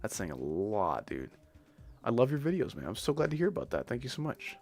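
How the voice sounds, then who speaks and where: Young man, gravelly voice, casual livestream chat, rambling and jokey, faint music underneath. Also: mid-range voice, wildly swooping pitch, fast, darkish tone. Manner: rambling, jokey, says "dude" and "like" often. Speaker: streamer.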